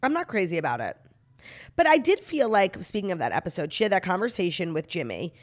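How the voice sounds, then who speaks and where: A woman co-hosting a casual chat, talking in animated, emphatic bursts. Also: fairly low pitch. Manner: animated, emphatic, quick asides. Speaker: co-host. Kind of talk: casual chat about reality TV.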